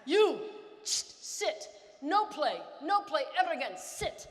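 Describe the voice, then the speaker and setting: A woman voicing a stern male coach who yells terse commands in broken English. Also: high voice, sing-song, takes it slowly, a little hiss or hum, exaggerated voice. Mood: furious. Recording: long hall reverb.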